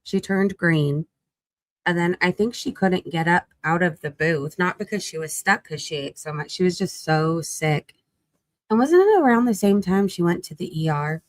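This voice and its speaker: Woman streamer, lowish voice, chatty gossip commentary, dry close sound. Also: lively intonation, moderate pace, no room sound. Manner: chatty, laughing, asks the chat questions. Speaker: live-stream gossip host. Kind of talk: casual commentary while scrolling.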